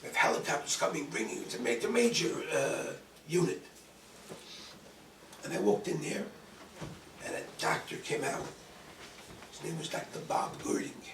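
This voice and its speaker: A man's voice: a little high, sing-song, normal speed, long pauses, background noise. A man, a rabbi, telling a personal story in a dramatic way, quoting himself with force. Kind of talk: storytelling talk. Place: event hall. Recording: distant mic in an echoey room.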